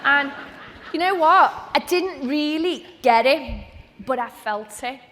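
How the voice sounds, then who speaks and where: Bright high-voiced woman telling her story in a hall. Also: lively intonation, takes it slowly, a faint crowd. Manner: chatty storytelling, acting out remembered conversations. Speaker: speaker at a training event. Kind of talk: motivational personal story told to an audience. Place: event venue with a live audience. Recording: echoey large event hall.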